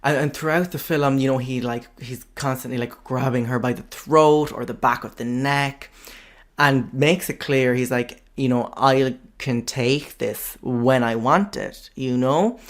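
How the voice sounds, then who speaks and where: A man's voice: mid-range voice, fairly even intonation, normal speed. Man chatting frankly on a podcast. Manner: chatty and frank, heavy on fillers and swearing. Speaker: podcast host. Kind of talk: casual podcast monologue.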